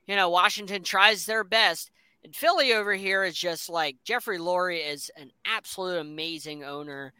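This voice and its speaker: A man's voice: high voice, normal speed, pushed and bright, clean tone, no echo. A man co-hosting a sports talk show, chatting casually and opinionated about football teams. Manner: enthusiastic, opinionated, rambling.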